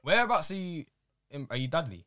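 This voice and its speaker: A young man hosting a casual podcast, asking questions quickly and telling stories. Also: on the high side, very animated, bright, forceful tone, no room sound, studio quality. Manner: quick, curious, storytelling. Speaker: podcast host.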